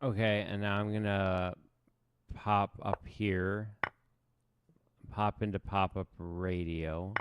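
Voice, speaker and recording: A man's voice: sits low, level tone, slow, long pauses, clean tone, no echo. A man streaming chess live, thinking aloud as he plays in a casual, self-mocking way. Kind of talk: casual live game commentary.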